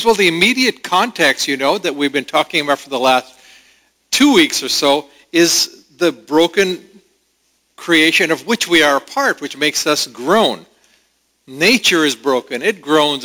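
A man preaching a sermon to a congregation, reflective and deliberate with frequent pauses. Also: a little high, animated, sharp tone. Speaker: pastor.

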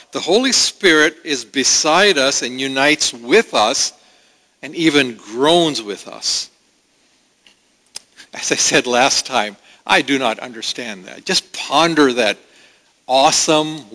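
A pastor preaches earnestly yet conversationally, turning aside now and then to address the congregation. His voice is medium-pitched with a sharp tone, and the recording carries the long reverb of a large hall.

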